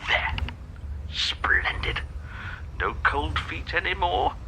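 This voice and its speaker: A man's voice: on the high side, lively intonation, slow, whispered, low-quality recording. An actor playing a breezy, chummy, scatterbrained male agent.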